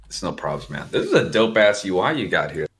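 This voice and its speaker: A man's voice: low-pitched, very animated, fairly quick, fairly bright tone. An American man chatting as a podcast guest, easygoing, laughing often and swearing freely. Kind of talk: casual podcast chat.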